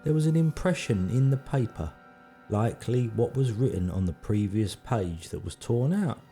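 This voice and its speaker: A man's voice: mid-range voice, lively intonation, moderate pace, mellow, faint music behind, close to an everyday voice. A man reading as a stern male police inspector in a murder mystery game, asking blunt, probing questions.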